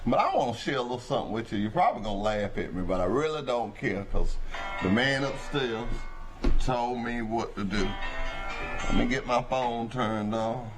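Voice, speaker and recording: A man with a hoarse voice, hosting a local trucking company show in a folksy, rambling manner. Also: medium pitch, expressive, normal speed, over music. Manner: folksy, rambling, preacher-like address to the audience. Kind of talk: casual talk show monologue.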